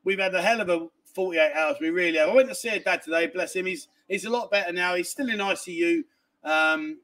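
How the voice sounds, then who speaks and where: A man's voice: high voice, fairly quick, pushed and bright. A middle-aged man hosting a casual livestream, bantering and laughing as he reads viewer comments, tired from lack of sleep. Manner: cheeky, banters and laughs while reading comments. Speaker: livestream host.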